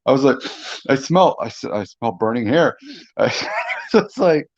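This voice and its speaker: A man's voice: medium pitch, lively intonation, moderate pace, darkish tone, highs cut off. A man telling a story as a guest on a casual livestream chat over a video call, swearing and exaggerating as he goes.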